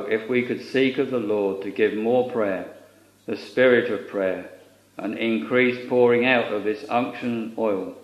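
A man preaching a sermon in a solemn, earnest way, using old-fashioned scriptural phrasing. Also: fairly low pitch. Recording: lo-fi recording in an echoey room.

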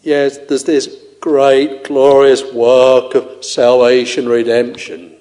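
A man preaching a sermon, tenderly addressing his listeners in a slow, intoning way. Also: medium pitch, level tone, warm tone. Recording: long reverb of a large hall.

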